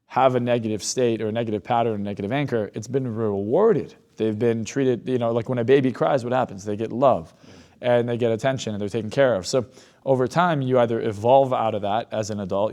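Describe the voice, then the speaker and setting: A man talks quickly and bluntly as a podcast guest, a hypnotist who is sure of himself. He tells stories and plays out both sides of the dialogue in them. His voice sits at a middle pitch. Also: darkish tone. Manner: blunt, confident storyteller who acts out quoted dialogue. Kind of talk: casual podcast conversation.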